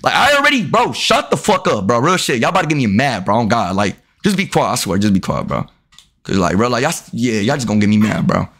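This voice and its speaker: Young male streamer, profane and riled up, pitch swinging wide. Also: sing-song, fast talker, a bit bright. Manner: profane, trash-talking, riled up. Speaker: gaming streamer. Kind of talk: live game commentary with chat.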